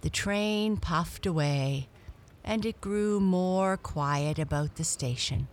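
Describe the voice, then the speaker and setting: A woman reading a children's storybook aloud in a gentle, expressive way. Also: lowish voice, slow pace.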